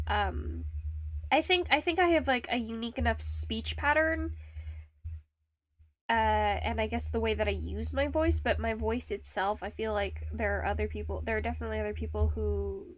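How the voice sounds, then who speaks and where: A young woman with a high, light voice rambles through a casual stream chat, circling back on herself and laughing between thoughts. Her voice sits close and dry at the mic, with faint music underneath. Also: no echo. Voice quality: high-pitched voice. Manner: rambling, with restarts and frequent laughs. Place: home streaming setup.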